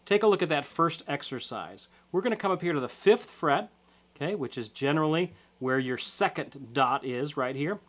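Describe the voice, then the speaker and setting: Encouraging man teaching guitar. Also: on the high side. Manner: encouraging, counts aloud, frequent "okay?" check-ins. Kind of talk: step-by-step play-along lesson.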